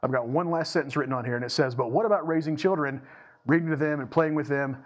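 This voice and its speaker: A man preaching a sermon to his church, emphatic and repetitive, moving between slow, deliberate lines and quick bursts. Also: a little high. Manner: emphatic, repeats phrases for stress, shifts between slow and fast delivery. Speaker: pastor. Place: church sanctuary.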